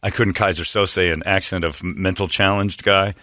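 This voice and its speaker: A man hosting a radio show, telling a story in casual banter with co-hosts, animated and jokey. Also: deep voice, moderate pace, no echo, clean studio sound. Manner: animated storyteller, slips into silly put-on voices.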